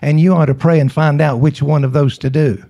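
Middle-aged male preacher, slightly high voice, emphatic and repetitive sermon delivery. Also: steady tone, brisk, dark tone. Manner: emphatic, repeats and asks the congregation questions.

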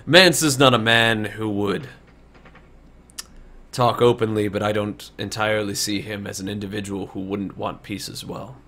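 A man voicing Jacob, a calm, courteous warrior leader in a tabletop game, speaking in measured, formal sentences. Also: lowish voice. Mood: composed. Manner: measured, polite, formal speech.

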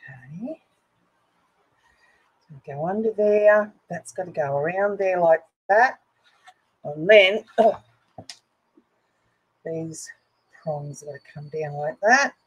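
A woman's voice: lowish voice, animated, slow, pauses often, breathy edge, muffled recording. A woman chatting casually to viewers and herself while she works on a craft project. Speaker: craft video host.

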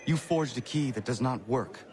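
An actor playing a stern, blunt young assassin stuck in prison, in a video game cutscene. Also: male voice, medium pitch, normal speed, close to an everyday voice. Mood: skeptical. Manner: terse, blunt, steady.

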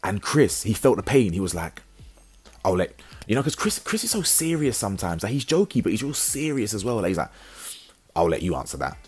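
Male reviewer, low husky voice, blunt heavy recap style. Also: quick pace, few pauses. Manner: blunt, animated, slang-heavy, stumbling restarts. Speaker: reality TV reviewer. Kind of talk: casual recap commentary.

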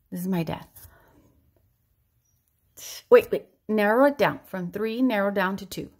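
A woman telling a comic everyday story in a hyper, animated way. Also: mid-range voice, normal speed, pauses often. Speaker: comedy vlogger. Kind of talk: comedic storytelling.

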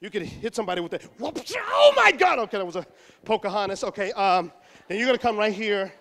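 Speaking fast and high-pitched, a middle-aged motivational speaker from Houston, Texas, fires up a room of students. The echo of the school auditorium carries his animated talk as he performs different voices and yells his punchlines.

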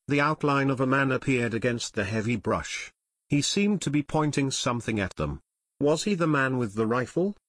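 A man narrates a full-length adventure audiobook, building suspense with a lively, widely moving pitch. His voice sits at an ordinary middle pitch, recorded close and dry with no room sound. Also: no echo. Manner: expressive, suspenseful storytelling.

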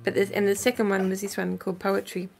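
A woman's voice: mid-range voice, monotone, quick pace, creaky, soft background music. A woman singer-songwriter hosting a live stream, chatty and giggly, speaking into a webcam mic.

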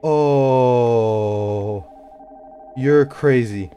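A man's voice: medium pitch, drawn-out words, lo-fi sound. A young man commenting on a horror game he is playing, jittery, swearing and talking to himself, with faint music behind. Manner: jittery, swears, yelps and talks to himself when scared. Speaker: gameplay youtuber.

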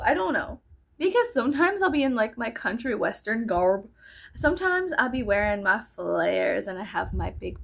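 A woman's voice: fairly high pitch, creaky, a bit bright, slightly rough. A woman from South Texas vlogging in a casual rambling monologue, chatty and joking, with frequent swearing and sudden drops to a whisper.

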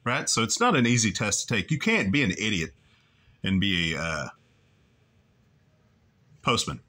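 A man's voice: on the low side, big pitch swings, normal speed, pushed and bright. A man hosting a commentary show, making wry, teasing asides over clips. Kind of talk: casual mocking commentary.

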